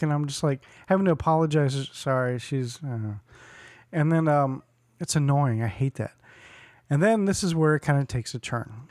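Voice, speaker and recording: A man in his forties tells a long story on a podcast, slightly higher-pitched than most men. He acts out other people's lines and laughs as he goes. His voice sits close and dry on the mic. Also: moderate pace, no echo. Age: 40s. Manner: animated storyteller who acts out quotes and laughs often. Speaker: podcast co-host. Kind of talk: casual storytelling chat.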